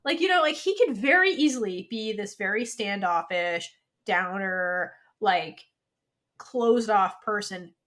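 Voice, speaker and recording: Animated chatty woman podcaster. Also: medium pitch, unhurried. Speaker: podcast co-host. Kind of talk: casual chat.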